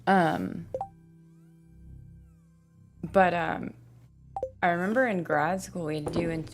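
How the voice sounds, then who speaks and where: A young woman streaming a game, chatting casually and rambling with lots of fillers and restarts, speaking into a desk mic on a boom arm. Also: noisy background. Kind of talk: casual gaming stream chat. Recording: game music playing clearly behind.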